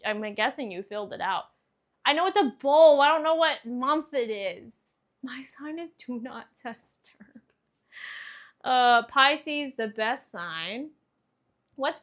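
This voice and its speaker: A woman's voice: a little high, fairly bright tone. A young woman chatting casually on a stream, reading viewer answers aloud, laughing often and swearing freely.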